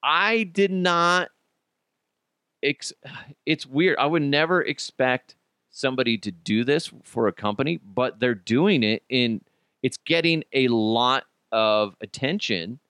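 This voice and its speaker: A man's voice: mid-range voice, slow pace, bright, forceful tone, clear, resonant tone, dry recording, studio quality. A man from Colorado hosting a podcast, ranting in a casual, sarcastic and profane way and laughing at his own jokes. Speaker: podcast host.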